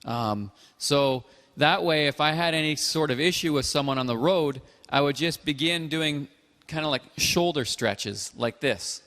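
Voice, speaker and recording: A man hosting a call-in show, answering callers in an earnest, measured way and pausing often on fillers. His voice sits a touch high and rings out with a long reverb tail. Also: fairly bright tone. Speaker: host.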